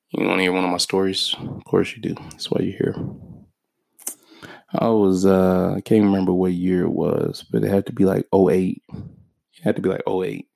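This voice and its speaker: A man's voice: deep voice, gravelly, breathy edge, no echo. A man in his thirties hosting a solo podcast, telling stories in a profane, joking, laid-back way. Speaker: podcast host. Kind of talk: casual solo podcast storytelling.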